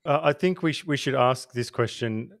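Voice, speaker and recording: A man's voice: medium pitch, moderate pace, no room sound, studio quality. A man hosting a podcast, asking teasing questions in a joking, casual way. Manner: jokey, laughs easily, teasing questions. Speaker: podcast host.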